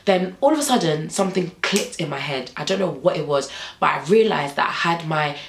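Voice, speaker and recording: A woman's voice: low-pitched, animated, a little fast, echoey room, a little hiss or hum, rough recording. A young woman vlogger telling a story animatedly, acting out the dialogue.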